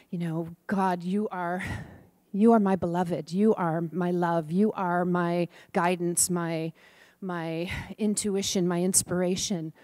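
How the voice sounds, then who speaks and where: A middle-aged woman giving a storytelling sermon, gentle and animated, sometimes dropping to a soft whisper. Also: fairly low pitch, dry recording. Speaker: speaker giving a church talk.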